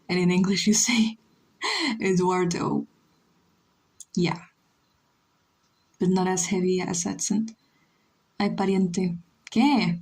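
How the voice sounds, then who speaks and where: Slow, husky young woman streamer. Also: medium pitch, a little mellow, poor audio. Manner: rambling, teasing, switching into Spanish. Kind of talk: casual livestream chat while drawing.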